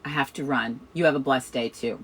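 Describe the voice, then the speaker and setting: A middle-aged woman from Chicago with a New York accent, hosting a casual chat in a loud, fast, profane way. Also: a bass voice, steady tone, a little hiss or hum, low-quality recording. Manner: loud, fast, swears a lot. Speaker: host of a witchcraft chat.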